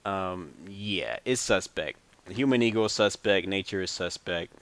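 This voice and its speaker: A man's voice: deep voice, moderate pace, a bit bright. A man talking to camera in a casual, rambling monologue, blunt and profane, chuckling between his points. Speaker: vlogger.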